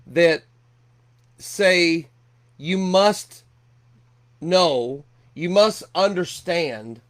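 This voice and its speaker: A middle-aged man preaching a sermon earnestly, often repeating and restarting his words. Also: high-pitched. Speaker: pastor.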